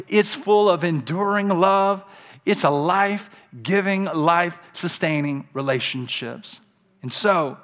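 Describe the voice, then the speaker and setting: A man, preaching a sermon as pastor, dropping to hushed tender stretches and rising to loud impassioned ones. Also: on the high side. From Alabama.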